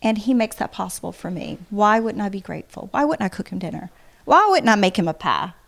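A woman's voice: medium pitch, expressive, fairly quick, vocal fry. A middle-aged woman, giving earnest, heartfelt advice as an interview guest. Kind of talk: casual conversation.

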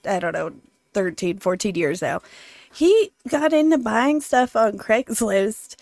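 A woman's voice: mid-range voice, expressive, unhurried, darkish tone, no room sound. A woman guest from a comedy club, chatting casually and telling nostalgic stories with laughs. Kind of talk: casual chat.

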